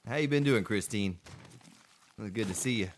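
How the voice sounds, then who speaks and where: A man's voice: on the low side, moderate pace, a little hiss or hum. A man streaming a survival game, chatting casually with viewers and greeting them by name. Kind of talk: casual gameplay commentary.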